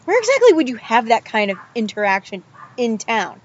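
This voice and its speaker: A woman's voice: on the high side, sing-song, a little fast. Blunt woman podcast host, muffled. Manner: blunt, swears freely. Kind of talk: casual chat. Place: outdoors by a pool. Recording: muffled poolside recording.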